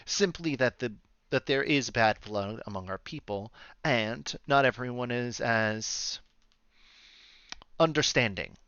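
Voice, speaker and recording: A man gives voice to a diplomatic elf guild leader, careful and formal, who stumbles and restarts as he picks his words. The voice is smooth and resonant. The recording is dry and a little dull. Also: mid-range voice, fairly bright tone, no echo, lightly acted. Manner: polite, formal, hesitant with restarts.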